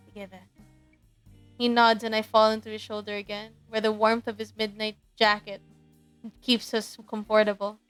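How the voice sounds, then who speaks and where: A young woman streaming, reading a dating game aloud in a giggly, animated way. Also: mid-range voice, normal speed, clean tone, soft background music.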